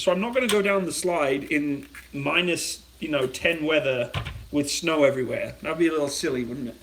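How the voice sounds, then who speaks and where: British man, slightly high voice, rambling livestream chat, cooking at home, mic a bit far off in an echoey room. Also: a bit bright, slight background noise. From Britain. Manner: rambling, chatty, reads viewer comments aloud. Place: home kitchen.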